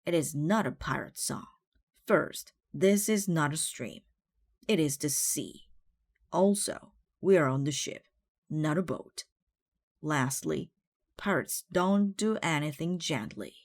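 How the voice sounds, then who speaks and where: A bossy storybook pirate captain who likes to sing loud, read by a woman in her own fairly low voice. The delivery is slow and bold, close to the mic with no room sound around it. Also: lively intonation, dry recording, heavily acted. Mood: blustery.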